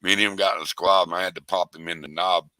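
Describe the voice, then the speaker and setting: Older man, low forceful voice. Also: steady tone, quick pace, dry recording. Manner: rambling, folksy and profane, with many restarts. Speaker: interviewee. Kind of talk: casual storytelling.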